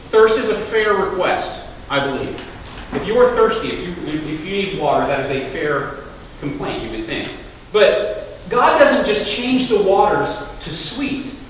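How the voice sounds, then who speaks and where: A man preaches in a relaxed, chatty way, often slipping into quoted voices to make a point. His voice sits high and swings widely in pitch. He is heard from across a reverberant hall with faint room noise. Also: normal speed. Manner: animated, conversational preaching with acted-out quotes. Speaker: pastor. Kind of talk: sermon. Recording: echoey hall, voice from far off.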